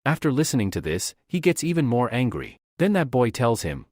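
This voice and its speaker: A male narrator reading a comic recap in a steady, scripted way. His middle-pitched voice moves with lively intonation, and the recording is dry and close. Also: fairly quick, hardly any pauses, no room sound.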